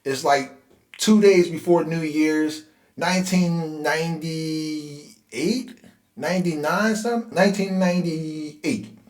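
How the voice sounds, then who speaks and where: Forties guy from philly telling his life story, kinda high voice, echoey room, chatty and easygoing. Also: slow pace. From Philadelphia. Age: 40s. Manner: conversational, animated when reliving tense moments, laughs easily. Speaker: host. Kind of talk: personal storytelling to camera. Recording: roomy echo.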